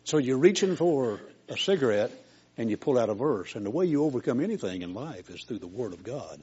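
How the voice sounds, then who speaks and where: A man's voice: mid-range voice, sing-song, a little fast, darkish tone, breathy edge, highs cut off. An older man preaching a sermon in a folksy, homespun storytelling way, as a preacher.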